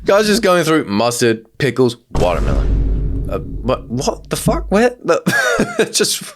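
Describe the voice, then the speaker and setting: A man's voice: mid-range voice, slow pace, over music. A British man hosting a reaction video, giving joking, cheeky commentary. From United Kingdom. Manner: joking, animated, cheeky asides. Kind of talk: casual comedic reaction commentary.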